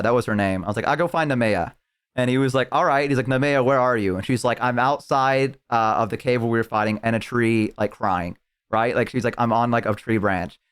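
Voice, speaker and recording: A man's voice: medium pitch, fairly bright tone, smooth. A young man streaming live, telling a long, rambling story in casual chat with lots of fillers and restarts.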